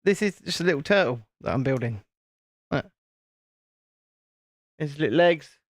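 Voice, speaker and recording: A man's voice: on the high side, animated, unhurried, dry recording, clean studio sound. A British man hosting a live stream, chatting casually and playfully with viewers while building a toy set, often stopping and restarting his sentences.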